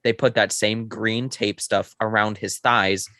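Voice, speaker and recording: A young man co-hosting a podcast, chatting excitedly about a film in a rambling way with lots of fillers. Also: on the low side, a little slow, no room sound, clean studio sound. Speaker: podcast co-host. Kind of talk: casual film review chat.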